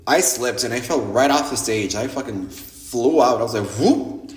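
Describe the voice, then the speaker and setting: A man in a middle pitch tells wild night-out stories on his podcast. He is loose and animated, swears freely, and jumps into the voices of the people in his stories. The room echoes noticeably around him. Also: moderate pace. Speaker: podcast host. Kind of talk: casual storytelling monologue. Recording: roomy echo.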